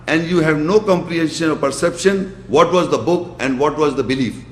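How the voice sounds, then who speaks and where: A man giving a religious lecture, asking his listeners pointed questions and quickly reciting Arabic verses before explaining them. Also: a little high. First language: Urdu. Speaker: Islamic lecturer. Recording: echoey hall.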